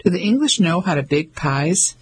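A man's voice: fairly high pitch, sing-song, moderate pace, a little hiss or hum. A man playing a teasing French fisherman. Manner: teasing, boisterous.

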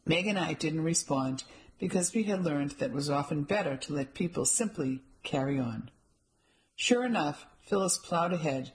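A woman reading first-person audiobook narration in a measured storytelling manner. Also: low voice, animated, poor audio.

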